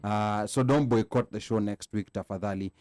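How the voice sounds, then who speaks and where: A man's voice: lowish voice, normal speed, darkish tone. A man from Kenya with a Nairobi accent, chatting casually on a panel show and reading out viewer comments, laughing often and restarting his sentences. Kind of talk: casual panel chat mixing English and Swahili.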